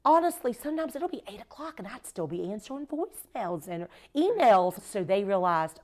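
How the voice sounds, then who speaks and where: A woman's voice: mid-range voice, big pitch swings, normal speed, hardly any pauses, a little mellow. A woman who owns a cleaning company, talking as a podcast guest in casual conversation, emphatic and acting out quoted dialogue as she tells her stories. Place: podcast recording.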